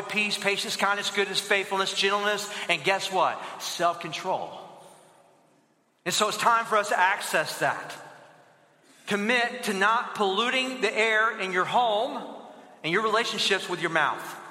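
A young male pastor with a high, sharp-toned voice preaches a sermon in a church auditorium, leading the congregation in call-and-response. The hall is echoey with long reverb.

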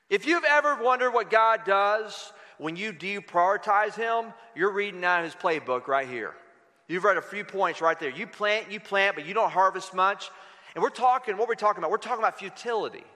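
A man's voice: high voice, lively intonation, normal speed, sharp tone, big-room sound. A man preaching a sermon, quoting scripture with dramatic emphasis and leading the congregation in reading aloud. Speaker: pastor.

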